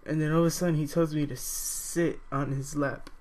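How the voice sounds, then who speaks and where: A young man telling a personal story in a halting, hesitant way, full of fillers, now and then jumping to a higher voice to quote people. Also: flat delivery, a little mellow. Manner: acts out quoted voices with sudden high pitch.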